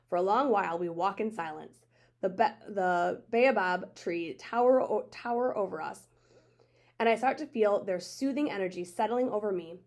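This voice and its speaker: A woman, an elementary school teacher, reading a children's chapter book aloud in a steady, plain way. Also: medium pitch, moderate pace.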